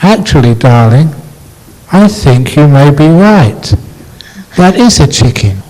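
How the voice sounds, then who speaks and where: A man's voice: fairly high pitch, sing-song, takes it slowly, darkish tone, full character voice. A man voicing a young newlywed husband who gives way to his wife, in a reverberant lecture hall. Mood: gentle.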